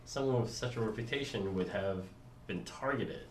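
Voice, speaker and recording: A man playing a tabletop game, asking questions in character in a measured, inquisitive way. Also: on the low side, roomy sound, a little hiss or hum. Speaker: player.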